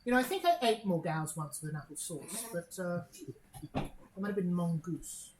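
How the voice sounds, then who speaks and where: A woman's voice: lowish voice, expressive, moderate pace, a little mellow, roomy sound, lightly acted, rough recording. A woman voicing a sly, gossipy noblewoman who talks with false politeness and confiding asides.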